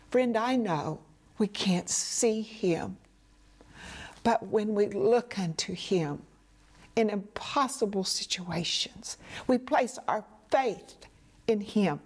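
A woman teaching a devotional message in an earnest manner, speaking straight to the listener as a friend and sinking to hushed whispers for emphasis. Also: medium pitch, expressive, slow pace, breathy edge. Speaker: Bible teacher.

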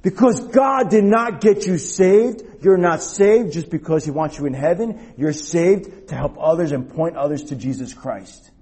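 A man preaching a youth sermon, telling a lively personal story and checking in with his listeners as he goes. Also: on the high side, measured pace, hardly any pauses, breathy edge. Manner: animated storyteller, acts out shouted quotes, rhetorical "okay?" and "all right?".

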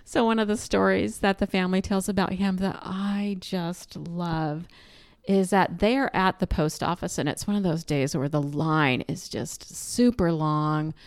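A woman's voice: measured pace, clean tone. A middle-aged woman chatting casually as co-host, telling family stories and acting out the voices in them. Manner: animated storyteller, acts out quotes with big pitch jumps. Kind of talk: casual chat.

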